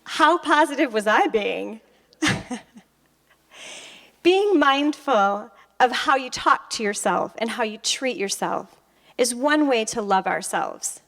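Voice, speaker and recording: A middle-aged woman giving a motivational talk on stage, telling personal stories in an animated way and acting out conversations. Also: on the high side, takes it slowly, vocal fry, long pauses. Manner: animated storyteller who acts out conversations and laughs often. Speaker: motivational speaker and author. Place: stage at an expo.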